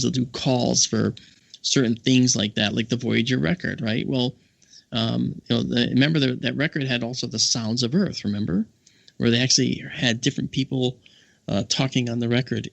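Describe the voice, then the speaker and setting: Gravelly-voiced man telling a story. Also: dry recording. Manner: animated storyteller, acts out quoted voices with big pitch jumps. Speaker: podcast co-host. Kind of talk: casual storytelling chat. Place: home office.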